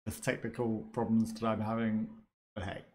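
A man's voice: lowish voice, level tone, moderate pace, darkish tone, slight background noise. A man casually commenting while playing a video game, chatty and wry, laughing often as he reads items aloud. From United Kingdom. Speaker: let's play streamer.

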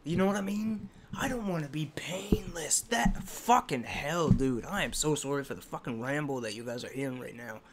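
A man's voice: medium pitch, lively intonation, brisk, hardly any pauses, very noisy. A man hosting a music reaction video, talking in a casual, profane, rambling and heartfelt way, emotional as he speaks.

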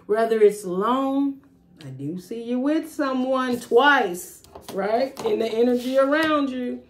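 A woman's voice: on the high side, animated, slow pace. A woman giving a casual, rambling tarot reading, thinking aloud with fillers and trailing thoughts. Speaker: tarot reader.

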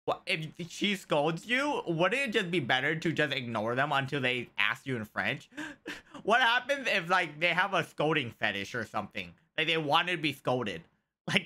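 Bright, giggly high-pitched male streamer. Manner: giggly, animated, drawn-out exclamations. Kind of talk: live reaction commentary.

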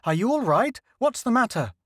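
A man voicing a jittery young male major, pitched high and anxious, pleading for answers in an audiobook. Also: very animated, moderate pace, a bit bright, dry recording, studio quality, full character voice. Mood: worried.

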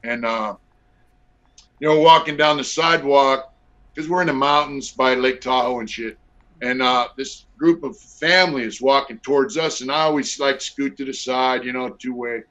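A man's voice: medium pitch, normal speed, a bit bright. A middle-aged man telling stories on a video call interview in a blunt, profane, laid-back way full of fillers. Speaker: guest. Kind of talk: casual storytelling interview. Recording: dull lo-fi audio.

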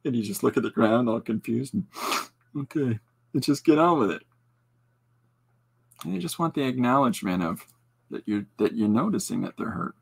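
A man in his forties hosting a podcast, telling rambling, self-deprecating stories in casual chat, with halting restarts and frequent laughs. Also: mid-range voice, expressive, creaky, husky. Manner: halting restarts with many fillers. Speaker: podcast host and artist.

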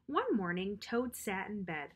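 A woman's voice: medium pitch, very animated, a little slow, husky. A woman reading a bedtime story to children as their storyteller, friendly and speaking directly to her young listeners.

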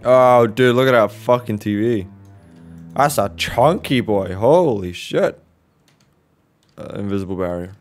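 A man casually commenting while playing a horror game, joking, reacting fast and swearing now and then. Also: lowish voice, faint music behind. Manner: jokey, swears, quick reactions. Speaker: let's play host.

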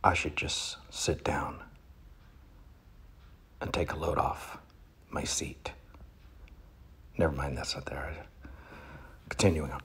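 A man's voice: very deep voice, steady tone, slow pace, pauses often, a bit bright, husky. A man giving a comedic poetry reading, mock-pompous and rambling, often dropping into whispers.

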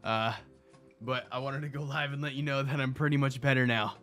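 A man's voice: medium pitch, a little fast, faint music behind. Profane young man, just over a cold. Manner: profane, joking, animated retelling with quoted dialogue. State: recovering from a cold, coughing. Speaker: host. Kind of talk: casual storytime rant.

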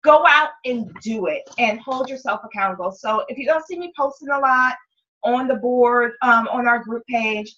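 Female team leader with a fairly high voice, candid motivational talk, swears casually, muffled recording. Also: moderate pace, bright, forceful tone.

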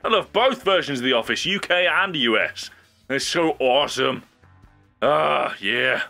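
On his own video, a young YouTube host gives casual solo commentary, animated and rambling, laughing often. He has a gravelly mid-range voice and a measured pace, with faint music in the background.

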